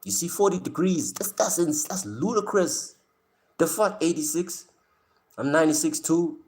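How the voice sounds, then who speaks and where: A man from South Africa with a fairly high voice hosts a live stream at normal speed. Reacting with chat, he talks to viewers directly in a casual, slangy, joking way and often laughs.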